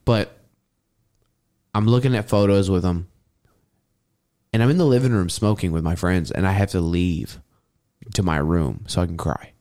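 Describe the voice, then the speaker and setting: A man's voice: normal speed, pauses often. Casual, profane young man telling a story. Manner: animated, profane, mimics others in a high voice when quoting. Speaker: podcast co-host.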